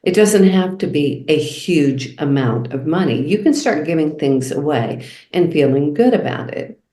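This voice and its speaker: A woman's voice: low voice, lively intonation, measured pace, warm tone, echoey room. A woman co-hosting a casual chat, telling stories and acting out the voices of the people in them. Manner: storytelling, acts out quoted voices. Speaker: co-host.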